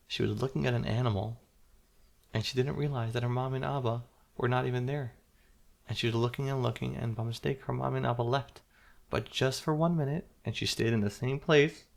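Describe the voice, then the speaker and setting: A man telling a simple story to a small child, stopping to ask questions and explain words gently. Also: medium pitch, brisk, creaky. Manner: interactive, asks the listening child questions.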